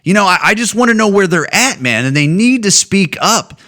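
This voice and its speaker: A man's voice: high-pitched, lively intonation, fairly quick, pushed and bright. A man from Ohio hosting a podcast, delivering a rambling, profane opinion monologue with frequent stammering restarts. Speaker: podcast host.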